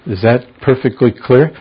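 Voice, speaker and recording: A man's voice: medium pitch, vocal fry, breathy edge. A man teaching a verse-by-verse Bible study. He explains the meanings of words and puts questions to his class. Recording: dull lo-fi recording.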